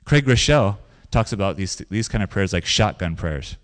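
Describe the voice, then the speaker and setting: A man's voice: fairly low pitch, animated, normal speed. A man preaching a sermon in a conversational way, telling stories and repeating phrases for emphasis. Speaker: pastor.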